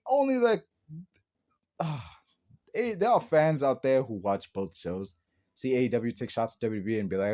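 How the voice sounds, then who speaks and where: Animated man ranting on a podcast. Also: medium pitch, measured pace, pauses often. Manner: animated, exclamatory, slangy; laughs often. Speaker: podcast host. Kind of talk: casual podcast rant.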